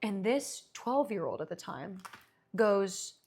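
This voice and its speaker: A woman in her twenties, a streamer telling a long story in casual chat, animated and swearing freely. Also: mid-range voice, slow pace, slight background noise.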